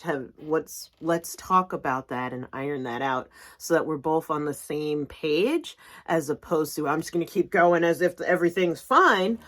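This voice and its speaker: A middle-aged woman giving a spiritual business coaching talk, emphatic and animated, often asking "right?". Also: deep voice. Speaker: executive coach and reiki teacher.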